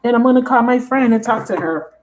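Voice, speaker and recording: A woman giving a casual tarot reading to her viewers, excitable and emphatic, swearing freely as she talks straight to them. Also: on the high side, quick pace. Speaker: tarot reader.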